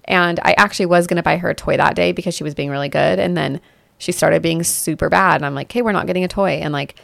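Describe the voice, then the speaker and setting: A young adult woman co-hosting a podcast, chatting in an agreeable way with quick affirmations and "like" fillers. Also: fairly low pitch, steady tone, gravelly, no room sound, clean studio sound. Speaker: podcast co-host. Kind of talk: casual chat.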